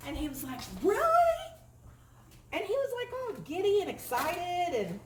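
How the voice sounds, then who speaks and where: A woman's voice: extremely high pitch, very animated, fairly quick, darkish tone, slight background noise. A woman vlogger venting in casual chat, chatty and stressed, acting out quoted exchanges with little laughs. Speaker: vlogger and crafter.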